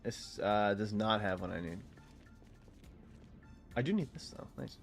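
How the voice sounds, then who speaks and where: A man's voice: fairly low pitch, lively intonation, a little slow, vocal fry, soft background music. A young man casually commenting while he plays a video game, rambling and joking with frequent laughs. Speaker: gaming streamer.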